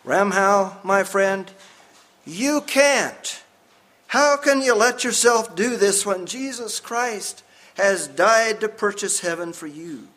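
A man's voice: high voice, lively intonation, measured pace, a bit bright, pitched above the performer's own voice. A man voicing an earnest missionary who urges his old friend with an urgent, pleading voice.

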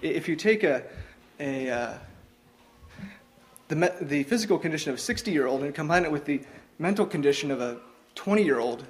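A man's voice: a little high, animated, fairly quick. A younger man giving an informal devotional talk, hesitant, with frequent ums and restarts.

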